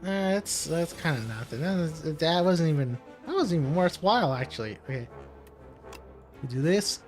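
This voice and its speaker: A man's voice: a little high, expressive, moderate pace, soft background music. Chatty man narrating his gameplay. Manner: chatty, talks himself through moves, mutters and laughs. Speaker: gaming commentator. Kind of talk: casual let's-play commentary.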